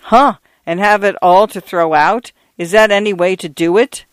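A man's voice: sits high, moderate pace, clear, resonant tone, dry recording, pitched above the performer's own voice, lightly acted. A man voicing a fussy, complaining older female housekeeper with a petulant, scolding manner. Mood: grumbling.

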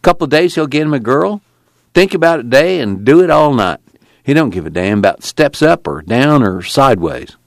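A man's voice: medium pitch, moderate pace, no echo, studio quality, voice pushed up, natural voice. A man doing a weary drawling farmhand. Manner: flat, blunt, tired. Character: weary plainspoken young farmhand. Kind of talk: audiobook character voice.

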